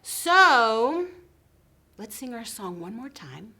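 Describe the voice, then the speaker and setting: A woman preschool teacher telling a story to young children, slow and expressive, often dropping into soft whispers. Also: a little high, breathy edge.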